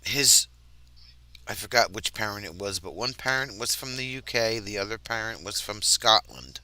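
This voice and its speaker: A man's voice: on the low side, expressive, normal speed, sharp tone. An American man from the mid-Atlantic region, hosting a casual chat in an easygoing, rambling way. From United States, mid-Atlantic region. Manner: easygoing, rambling, laughs often. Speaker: host.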